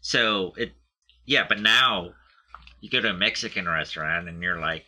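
A man as co-host of a casual chat, dropping deadpan jokes. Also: low voice, normal speed. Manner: deadpan joking.

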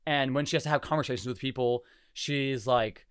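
In a brisk, smooth, mid-range voice, a twenty-something podcast host chats casually, laughing as he tells stories and acts out quotes. The recording is dry, with clean studio sound.

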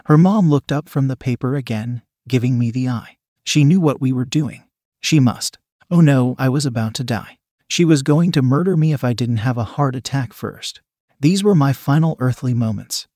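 A man narrating a first-person story in a quiet, even reading voice. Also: medium pitch, normal speed, dry recording, clean studio sound.

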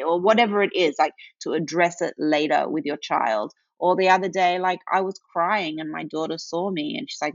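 A woman's voice: deep voice, steady tone, moderate pace, few pauses, no room sound. Dry lo-fi woman guest, earnest. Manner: earnest, explanatory. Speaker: guest, parenting founder. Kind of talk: casual interview talk. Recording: dry, dull lo-fi remote line.

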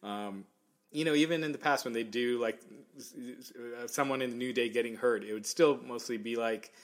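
A male podcast host at a middle pitch, chatting casually with friends. He hesitates often, padding his thoughts with fillers and restarting sentences before he finds his point. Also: normal speed. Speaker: podcast host reading viewer messages. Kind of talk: casual chat.

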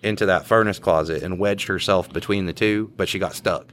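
A man's voice: sits low, steady tone, brisk, fairly bright tone. A man, a podcast co-host and police officer, telling work stories in a laid-back drawl. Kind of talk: casual storytelling.

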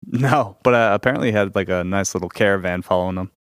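A man's voice: low-pitched, fast, smooth, no echo. A man co-hosting a golf betting podcast, talking in a dry, matter-of-fact, laid-back way. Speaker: podcast co-host, golf tipster. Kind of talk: casual golf betting chat.

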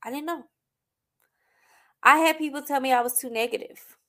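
A woman's voice: high-pitched, normal speed, sharp tone. A young adult woman hosting a talk show, telling her own story candidly and heartfelt, with emphatic repetition. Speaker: podcast host.

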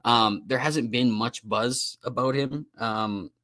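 A man's voice: mid-range voice, slow pace, a bit bright, no echo. A man co-hosting a casual fantasy football podcast, easygoing, rattling off stats with fillers and self-deprecating asides. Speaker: podcast co-host.

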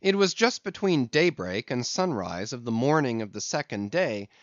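Male audiobook narrator, lively and expressive, dry close sound, dull lo-fi. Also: mid-range voice, normal speed, dry recording. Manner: expressive, storytelling. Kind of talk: scripted narration of a classic novel.

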